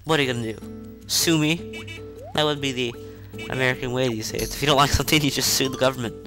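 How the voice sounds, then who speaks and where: A man casually commenting on a video game as he plays, chatty and rambling, with self-mocking asides and excited outbursts. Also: mid-range voice, fast. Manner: excitable outbursts during play. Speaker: video game let's-play host. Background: faint game music.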